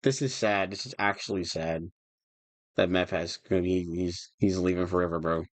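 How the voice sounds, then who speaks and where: A man's voice: sits low, fairly even intonation, normal speed, no room sound. Rambling young man livestreaming. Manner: rambling, emotional, many restarts. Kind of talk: casual livestream chat.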